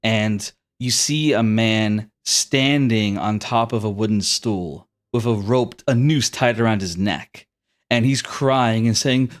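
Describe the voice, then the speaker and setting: A man's voice: lowish voice, slow. A man narrating a tabletop game as game master, with easygoing, descriptive storytelling.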